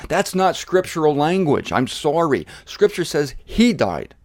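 Animated conversational male preacher. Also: a little high, unhurried, no room sound, studio quality. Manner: animated, conversational, mocking mimicry of critics. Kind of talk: informal sermon series.

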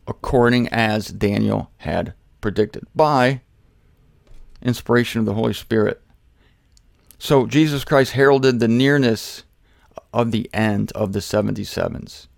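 A male preacher with a mid-pitched voice gives a loose, jokey Bible teaching, often rising into loud emphatic bursts and then dropping to quiet asides. The recording is dry and close, with no room sound around him. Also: vocal fry, no room sound. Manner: conversational, jokey, addresses listeners directly.

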